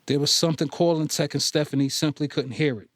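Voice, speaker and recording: A man reading a novel aloud as an audiobook narrator in a steady storytelling manner. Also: a little high, fast, no echo, clean studio sound. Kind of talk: scripted narration.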